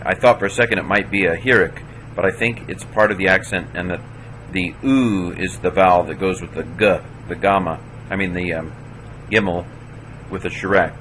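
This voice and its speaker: A man teaching a class, slowly sounding out syllables one at a time and stopping to correct himself. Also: deep voice, a bit bright, slight background noise, poor audio. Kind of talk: classroom walkthrough of Hebrew pronunciation.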